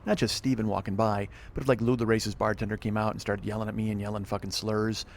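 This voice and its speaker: Fast-talking furious man outdoors. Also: fairly low pitch, flat delivery, vocal fry. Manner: frustrated, swearing, rambling. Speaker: podcast host. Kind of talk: solo podcast monologue. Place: outdoors by an apartment pool. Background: wind and planes overhead.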